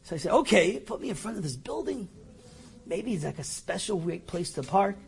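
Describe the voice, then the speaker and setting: A middle-aged man telling a personal anecdote, animated and self-mocking, acting out his own lines. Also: sits high, normal speed, vocal fry, slight background noise. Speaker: storyteller. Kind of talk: personal anecdote told to an audience.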